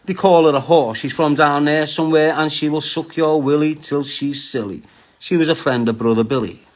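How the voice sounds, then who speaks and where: A man's voice: fairly high pitch, normal speed. A middle-aged man with a Scouse accent from Liverpool, ranting crudely and mockingly on a live stream. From Liverpool, England.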